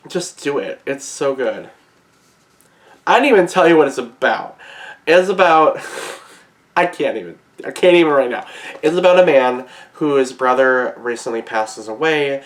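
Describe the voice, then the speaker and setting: A young man gushing about his favorite manga in a casual vlog, effusive and quick to laugh, calling his viewers "girl". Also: medium pitch, a bit bright. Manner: gushing, effusive, says "girl" and "yes, queen", laughs often. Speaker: manga reviewer.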